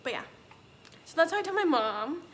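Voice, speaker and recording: A woman's voice: extremely high pitch, big pitch swings, normal speed, fairly bright tone. A young woman telling a personal story in a casual vlog, chatty and rambling, acting out what others said. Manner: chatty, rambling, acts out quoted dialogue. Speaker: vlogger.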